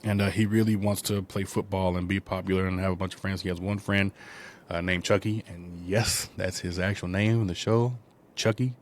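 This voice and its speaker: A man's voice: deep voice, steady tone, a little hiss or hum. A man hosting a casual movie review podcast, rambling through a plot recap with lots of fillers and asides. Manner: rambling, digressive retelling with many fillers; drops into quick character voices while recapping. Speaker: podcast host.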